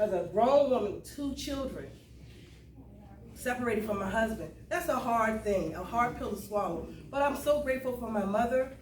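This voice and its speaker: Her voice slightly mellow and on the high side, a middle-aged Lowcountry South Carolina woman shares a heartfelt testimony before a live crowd at a cultural event. She speaks like a conversational Southern storyteller and calls out to those listening, captured from far off in a roomy space with faint room noise.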